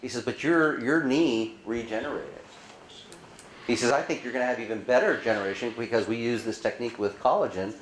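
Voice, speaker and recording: Animated man presenting in a roomy hall. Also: mid-range voice, a little fast, a little hiss or hum. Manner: animated storyteller acting out dialogue; asks the audience rhetorical questions. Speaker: conference speaker. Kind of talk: conference presentation to a live audience. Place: conference room.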